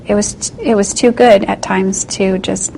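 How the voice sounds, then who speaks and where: A woman answering an interview question in a soft, halting, reflective way. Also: mid-range voice, steady tone, creaky, a little hiss or hum.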